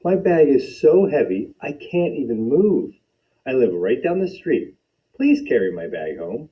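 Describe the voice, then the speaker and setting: A man's voice: mid-range voice, sing-song, a little slow, voice pushed up. A man voicing a bold, mischievous young boy out trick-or-treating, in a raised childish voice. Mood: pleading. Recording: dull lo-fi recording.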